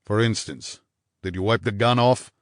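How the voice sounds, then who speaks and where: A man voicing a bitter, menacing husband in an audiobook, snarling low and clipped with contempt. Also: normal speed, no echo, clean studio sound, natural voice. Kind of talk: audiobook character voice.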